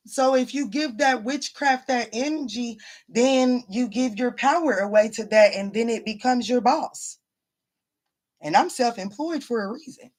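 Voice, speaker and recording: A woman's voice: fairly high pitch, normal speed. A woman tarot reader chatting casually to viewers on a live stream, blunt and profane, calling them baby and honey and repeating her points for emphasis. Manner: emphatic, repeats lines for stress.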